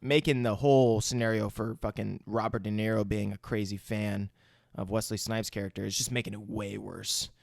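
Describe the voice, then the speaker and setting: A man's voice: lowish voice, fairly even intonation, normal speed, creaky, no echo, studio quality. A man co-hosting a casual movie podcast, talking in a laid-back way with plenty of swearing. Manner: laid-back, swears a lot, laughs along. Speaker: podcast co-host. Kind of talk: casual movie recap chat.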